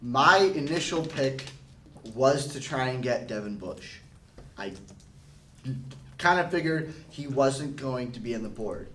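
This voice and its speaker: A man's voice: medium pitch, animated, unhurried, pauses often, a bit bright, echoey room, distant mic, slight background noise, poor audio. A young man in a casual group chat, speaking in a subdued way. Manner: subdued, reluctant. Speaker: panelist.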